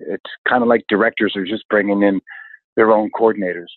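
An older man in his sixties spins animated stories about his stunt career, exclaiming as he goes. His voice sits a bit low and comes through a dry, tinny, phone-like line. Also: fairly quick, no room sound. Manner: animated anecdotes, exclaims often. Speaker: stunt coordinator guest. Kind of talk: storytelling interview chat.

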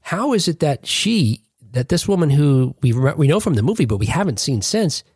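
Husky, lively-voiced male podcast host. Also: on the high side, normal speed, no room sound, studio quality. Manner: rambling, self-correcting, jokey. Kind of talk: casual chat.

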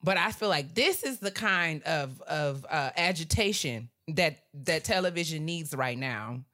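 A woman's voice: sits low, animated, measured pace, a bit bright. A woman co-hosting a casual podcast chat, thoughtful and leaning on "right?" as she makes her points. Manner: thoughtful, uses lots of "right?" and "like". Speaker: podcast co-host.

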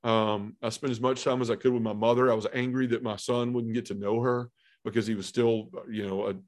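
Speaking a little fast with little pitch movement, this mid-range male voice belongs to a middle-aged podcast guest giving personal testimony. He's earnest and heartfelt, leaning often on "you know" and "man."

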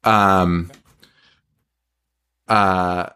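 A man's voice: deep voice, steady tone, very slow, pushed and bright, smooth. A man co-hosting a horror podcast in casual chat, loose and profane, leaning on "like" and "um" as he retells behind-the-scenes stories. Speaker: podcast co-host.

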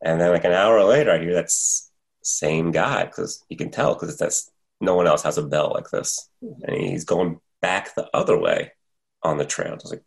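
A man who hikes, telling a story as a podcast guest in a casual, animated way, his voice jumping up at the scary parts. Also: low-pitched, unhurried, gravelly.

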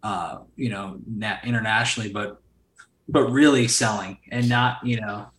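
A man's voice: lowish voice, fairly even intonation, moderate pace, a bit bright. A man talking as a podcast guest in casual chat, loose and rambling, full of fillers and swearing. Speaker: podcast guest, solar sales entrepreneur. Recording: roomy echo.

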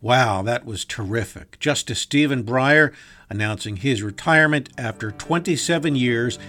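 Male news anchor, scripted and punchy, reads with clear emphasis. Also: mid-range voice, normal speed, bright, forceful tone, faint music behind.

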